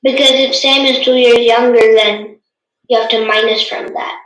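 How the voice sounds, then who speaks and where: A woman's voice: on the high side, fairly even intonation, moderate pace, fairly bright tone, roomy sound, dull audio. A tired female student answering algebra questions on a video call, hesitant and correcting herself. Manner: hesitant, with fillers and self-corrections. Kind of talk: answering in a tutoring session.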